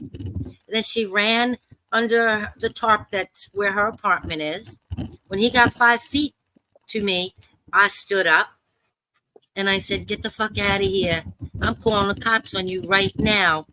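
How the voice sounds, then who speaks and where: A woman with a bright, forceful voice tells her story on a live open panel. Her words come urgently and haltingly, with stumbles, restarts and blunt swearing. The sound is close and dry. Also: mid-range voice, no room sound, rough recording. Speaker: panel caller. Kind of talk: casual live panel discussion.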